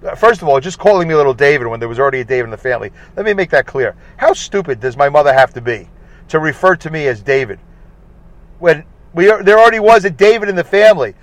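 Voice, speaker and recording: A man's voice: a little high, lively intonation, fast talker, dry recording, low-quality recording. A middle-aged man hosting a casual solo podcast, ranting and complaining irritably from his truck cab. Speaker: podcast host.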